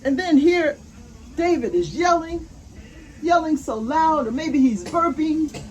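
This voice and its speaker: A woman's voice: sits high, expressive, low-quality recording. An older woman, reading a picture book aloud to her grandchildren and asking them questions. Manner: slow, gentle, asks the listener questions. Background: faint roofing work noise.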